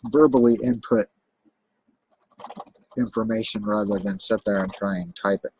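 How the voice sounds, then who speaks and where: A man's voice: on the low side, steady tone, normal speed, darkish tone, a little hiss or hum, poor audio. An American man hosting a casual livestream chat, loose and talkative, swearing now and then and repeating words as he goes. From United States. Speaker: livestream host.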